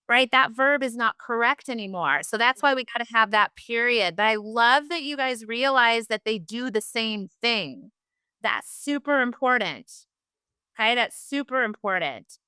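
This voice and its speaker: A high, bright woman teaching online with a lilt. Her voice is clear and smooth, recorded dry and close. She keeps an upbeat, encouraging tone throughout. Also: expressive, moderate pace, no room sound. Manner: upbeat, encouraging, uses "y'all". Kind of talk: virtual class lesson.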